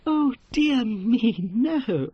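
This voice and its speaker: A man's voice: sits high, sing-song, moderate pace, breathy edge, dry recording, dull audio, pitched above the performer's own voice, exaggerated voice. A man voicing a sarcastic young woman novelist in an audiobook, keeping her tone light, airy and mock-polite. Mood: airy sarcasm. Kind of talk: audiobook character voice.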